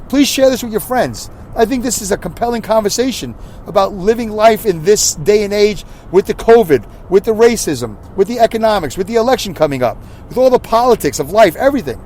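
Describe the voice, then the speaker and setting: A middle-aged man talks alone into his podcast mic, earnest and confessional, letting his thoughts ramble on. His voice sits a little high for a man. Faint street and traffic noise hums in the background. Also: darkish tone. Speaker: podcast host. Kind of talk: solo podcast monologue.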